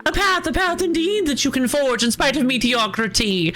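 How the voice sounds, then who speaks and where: A woman's voice: high-pitched, sing-song, moderate pace, a bit bright, faint music behind. A woman voicing a grave, owlish mystic sage in a game, speaking in portentous pronouncements. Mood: solemn.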